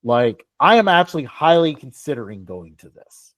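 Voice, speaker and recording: A man's voice: mid-range voice, very animated, normal speed, dry recording, studio quality. A young man co-hosting a casual sports talk show, rambling with lots of fillers and laughs. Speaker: podcast co-host.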